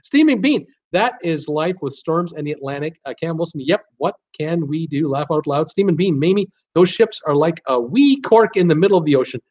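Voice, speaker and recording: An animated man hosts a live stream, reading viewer comments aloud and reacting to them. His voice sits a little high. The audio is dull and lo-fi. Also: brisk, few pauses. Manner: animated, reads comments aloud with frequent fillers and laughs. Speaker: host of a cruise live stream.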